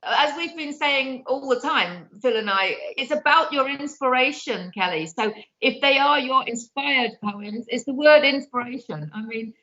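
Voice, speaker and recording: With a high, sharp-toned voice, a woman reads cards live at a measured pace and with few pauses. She's a card reader and author who pleads earnestly for the viewer to trust herself, getting emotional, and the sound is dull and lo-fi.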